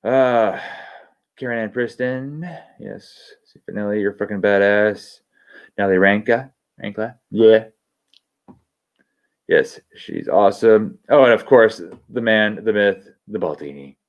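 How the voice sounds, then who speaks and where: A man hosting a livestream, swearing constantly as he rants excitedly and reads out viewer shout-outs. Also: on the low side, unhurried, pauses often. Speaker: livestream host. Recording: dull lo-fi stream audio.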